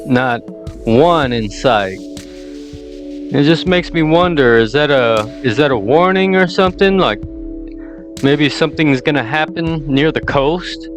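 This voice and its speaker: A man's voice: fairly high pitch, lively intonation, measured pace, over music. A man musing in a puzzled, casual way in a vlog.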